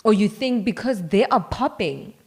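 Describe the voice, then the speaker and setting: A South African woman in her thirties co-hosting a casual chat, lively and quick to laugh, often talking straight to viewers. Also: mid-range voice, husky. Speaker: co-host.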